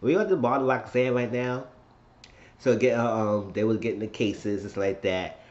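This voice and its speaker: A man's voice: fairly low pitch, normal speed, darkish tone. Man rambling through a show recap in a roomy room. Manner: rambling storytelling with frequent asides and profanity. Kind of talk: casual spoken episode recap. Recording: roomy, dull lo-fi sound.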